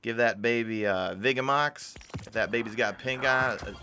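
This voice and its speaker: A man doing a southern-accented voice as a folksy man pitching eye drops. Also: normal speed, pushed and bright, soft background music. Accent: American Southern, put on.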